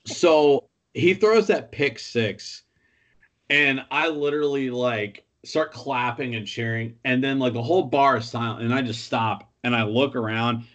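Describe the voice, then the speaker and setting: A man's voice: mid-range voice, fairly bright tone. Casual, profane man telling stories. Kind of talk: casual sports chat.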